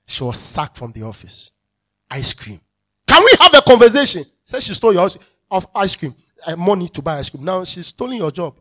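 A man's voice: on the high side, sing-song, fairly quick. A male pastor preaching a sermon, emphatic and repeating his key phrases as he calls out to the congregation.

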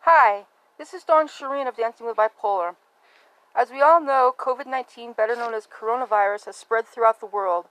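Dry, higher-voiced woman reading a notice. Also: a little fast, no echo, low-quality recording. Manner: even, read-aloud delivery. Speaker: podcast host. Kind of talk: scripted public service announcement.

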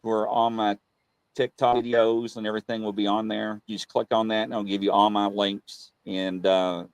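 A man's voice: fairly low pitch, little pitch movement, normal speed, clean tone, no room sound. A man with a Birmingham accent hosting a casual livestream chat, rambling and repeating himself often. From England. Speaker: host.

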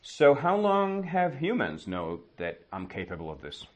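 A man's voice: mid-range voice, wildly swooping pitch, measured pace. A man teaching with a casual story, asking and answering his own questions and often adding "right?".

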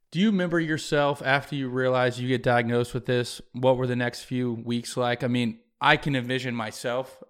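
A man's voice: mid-range voice, a bit bright. A man hosting an interview, asking curious, empathetic questions. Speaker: interview host. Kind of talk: conversational interview.

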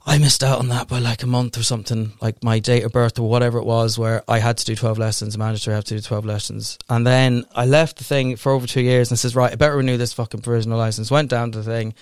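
A man's voice: mid-range voice, flat delivery, quick pace, hardly any pauses, clean tone, no room sound, clean studio sound. A young Irish man in casual chat, rambling and swearing freely as he tells stories. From Ireland.

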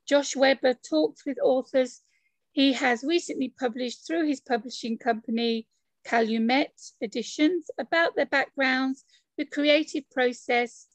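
A woman with a high voice hosts a podcast interview, chatty and friendly. Her voice sounds close and dry, with no room around it. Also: unhurried, dry recording. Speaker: podcast host. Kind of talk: casual interview chat.

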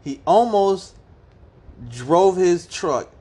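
Male podcast co-host, casual and animated, swears freely, acts out quoted dialogue; lively pitch. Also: extremely slow, husky. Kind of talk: casual chat.

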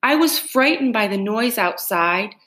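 A woman reading aloud puts on a little girl's voice, pitched way up and quavering as she stammers and wails. The storybook child is dramatic and pleading, drawn out slowly with big rises and falls. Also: expressive, bright, forceful tone. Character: young girl, dramatic, fake-crying to fool a lawman.

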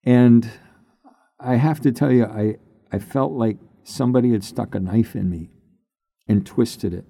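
An older man, a pastor, telling his personal testimony in an unhurried, halting way that turns emotional at times. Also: mid-range voice, vocal fry, warm tone, no echo, clean studio sound. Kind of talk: personal testimony, conversational storytelling.

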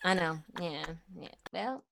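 A woman's voice: lowish voice, lively intonation, measured pace, vocal fry, fairly bright tone, a little hiss or hum. A young Scottish woman chatting candidly as a podcast guest, rambling and correcting herself as she goes. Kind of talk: casual chat.

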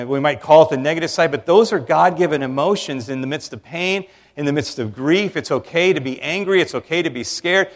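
A male pastor preaching a sermon in an earnest way, moving between loud emphatic lines and soft hushed ones. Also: fairly high pitch. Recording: long hall reverb.

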